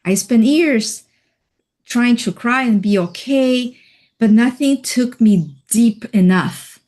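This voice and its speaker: Slow, reflective woman telling her story. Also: fairly high pitch, darkish tone. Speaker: interview guest, healing coach. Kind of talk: personal storytelling in a radio interview.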